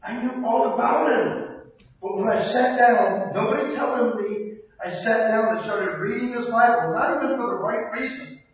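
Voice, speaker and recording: An older man preaching a sermon in a conversational way that breaks into sudden shouts, recorded from a distance in a church hall. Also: extremely high pitch, moderate pace. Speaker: pastor. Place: church sanctuary. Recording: distant echoey hall, dull sound.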